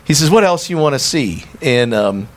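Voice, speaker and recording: Excitable Southern man preaching a sermon. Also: mid-range voice, moderate pace. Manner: storytelling, excitable, stammering restarts.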